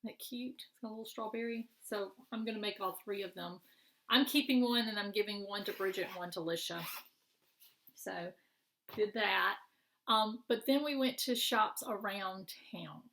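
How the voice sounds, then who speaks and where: A middle-aged woman who vlogs about crafts shows off her purchases in a casual show-and-tell chat, rambling in a friendly way with many fillers and restarts. Her voice is medium-pitched with a sharp tone, at normal speed.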